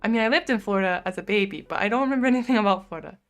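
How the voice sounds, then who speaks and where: A woman's voice: medium pitch, very fast, soft background music. A young woman with an American accent, chatting casually on a live stream, answering viewers and padding her talk with "like" and light laughs. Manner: chatty, fills speech with "like", laughs often. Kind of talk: casual chat, reading out viewer comments. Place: home streaming room.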